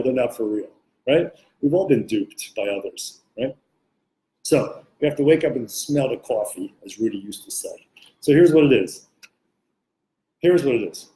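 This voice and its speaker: A man's voice: mid-range voice, dark tone. Blunt joking man, roomy sound. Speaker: meditation teacher answering questions. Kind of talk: casual spoken Q&A teaching. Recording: roomy echo.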